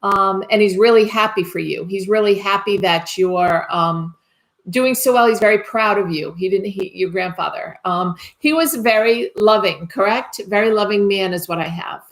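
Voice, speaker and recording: A woman's voice: medium pitch, moderate pace. Woman, psychic medium, live reading, tentative, reassuring, asks for confirmation. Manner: tentative, often checking for confirmation.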